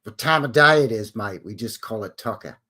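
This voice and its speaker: A man's voice: on the low side, expressive, brisk, bright, forceful tone. A man doing a brash Australian bloke. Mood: jokey. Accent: put-on Australian. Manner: drawling, slangy.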